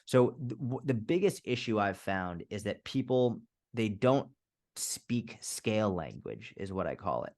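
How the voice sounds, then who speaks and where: Candid low-voiced man explaining fitness. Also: big pitch swings, darkish tone. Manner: candid, swears, quick restarts, acts out scenarios. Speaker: fitness coach, podcast guest. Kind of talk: casual interview explaining.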